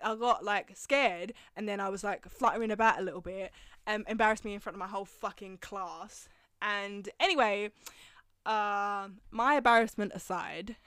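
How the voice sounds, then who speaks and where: A woman's voice: medium pitch, clear, resonant tone, dry recording. Young woman, solo podcast host, gossipy and profane, mid-range voice, dry close sound. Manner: profane, gossipy and animated, laughs often. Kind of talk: casual storytelling monologue.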